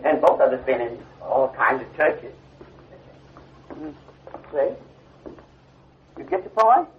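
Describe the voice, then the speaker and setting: A man's voice: medium pitch, sing-song, slow pace, slight background noise. An older man preaching to a class, stopping again and again to ask whether his listeners see the point. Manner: call-and-response, keeps asking "you see?". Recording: dull old 1970 lecture tape.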